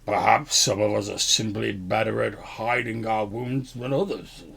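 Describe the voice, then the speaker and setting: A man voicing a pompous older father covered in blood, speaking calmly and indulgently. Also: fairly low pitch, measured pace, gravelly, a little hiss or hum, heavily acted. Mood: knowing.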